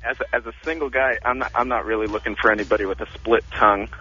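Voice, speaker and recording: A man in his twenties on a radio show, hesitant and blunt, with a husky voice. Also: lowish voice, steady tone, quick pace, bright, forceful tone, soft background music. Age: 20s. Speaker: single guest picking dates. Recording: slightly dull radio broadcast.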